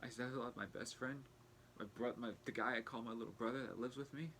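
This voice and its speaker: A young man talking earnestly in a personal vlog, halting and restarting as he fights back tears. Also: mid-range voice, steady tone, a bit bright, slight background noise. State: tearful, fighting back crying. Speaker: vlogger.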